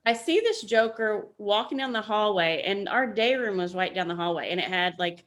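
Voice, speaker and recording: A woman veteran telling a story on a podcast in a casual, animated way, swearing freely. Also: medium pitch, moderate pace. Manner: animated, acts out quoted voices, swears freely. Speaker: military veteran guest.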